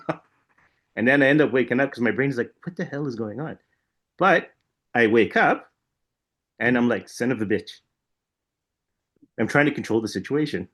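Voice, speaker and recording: Male podcast co-host, mid-pitch, chatty and rambling storyteller. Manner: rambling, animated retelling with frequent "like" and "right?". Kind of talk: casual chat, storytelling.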